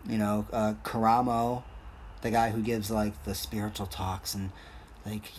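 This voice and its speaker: A man's voice: fairly low pitch, flat delivery, unhurried, darkish tone, slight background noise. A young man hosting a solo podcast, rambling and joking in a crude, casual way. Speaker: podcast host.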